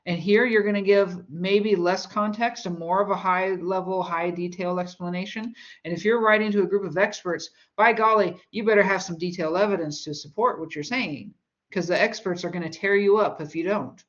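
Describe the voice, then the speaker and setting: A woman's voice: mid-range voice, normal speed, lo-fi sound. A woman teaching a college English course in a recorded lecture, explaining with everyday examples and chatty asides.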